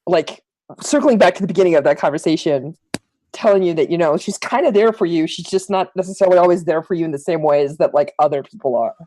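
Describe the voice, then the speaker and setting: A woman's voice: on the low side, fast, mellow, low-quality recording. A woman playing a tabletop roleplaying game, talking casually with many fillers and stammers. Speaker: player. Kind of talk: actual-play roleplay chat.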